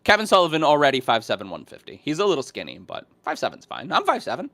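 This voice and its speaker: Bright, animated man joking around. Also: a little high, quick pace, dry recording. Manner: joking, animated, playful asides. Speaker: podcast co-host. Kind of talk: casual chat.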